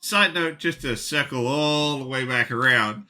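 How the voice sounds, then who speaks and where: A man's voice: mid-range voice, unhurried, pushed and bright. A man co-hosting a podcast in casual chat, rambling with fillers and swearing, a little sick. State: sick, coughing. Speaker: podcast co-host.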